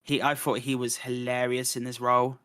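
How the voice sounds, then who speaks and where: Bright-voiced man rambling through a film review. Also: medium pitch, completely flat delivery, a little fast, clean tone. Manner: rambling, with many restarts and fillers. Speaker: podcast host. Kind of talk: casual film review chat.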